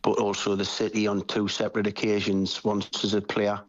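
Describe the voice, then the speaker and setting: Emotional man, halting. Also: lowish voice, monotone, no room sound, highs cut off. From Newcastle, England. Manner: halting, searching for words. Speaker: former footballer interviewee.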